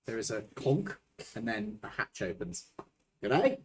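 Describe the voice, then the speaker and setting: A man's voice: lowish voice, sing-song, moderate pace, a little hiss or hum, poor audio. A man narrating a tabletop game as game master, irreverent and swearing casually. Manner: irreverent, swears, laughs often.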